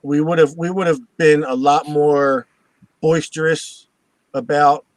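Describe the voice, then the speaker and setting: Fairly high-pitched and in no rush, a man hosting a live show tells an animated story packed with laughter and characters' voices he performs. He laughs at his own jokes, and the rough recording has no echo.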